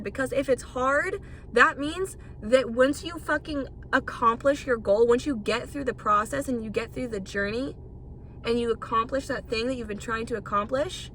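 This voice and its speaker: Bright-voiced chatty young woman podcaster. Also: on the high side, normal speed, a little hiss or hum. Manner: chatty and rambling, swears freely. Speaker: podcast host. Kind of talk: casual solo podcast monologue.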